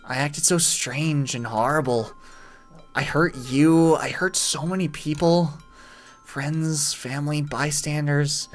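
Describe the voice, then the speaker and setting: A man voicing a young boy monster who is lonely, desperate and remorseful, reading game dialogue aloud with feeling, his voice breaking. Soft game music plays behind him. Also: fairly high pitch, fairly even intonation, slow pace. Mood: tearful, soft. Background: faint game music.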